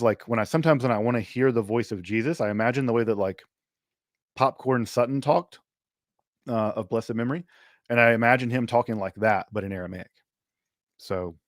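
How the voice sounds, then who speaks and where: A man's voice: lowish voice, dry recording, clean studio sound. A man from Mississippi, hosting a livestream Q&A and talking casually with lots of fillers and restarts. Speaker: host. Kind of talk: livestream Q&A chat.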